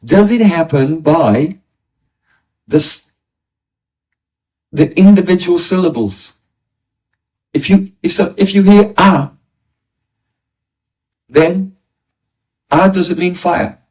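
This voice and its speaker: A high-pitched man teaches philosophy at an unhurried pace, working through each point patiently and stopping to pose questions to his listeners. His voice sounds distant, picked up from well away from the microphone. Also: darkish tone. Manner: explanatory, asks rhetorical questions. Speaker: spiritual teacher. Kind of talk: philosophy lecture. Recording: voice distant from the mic.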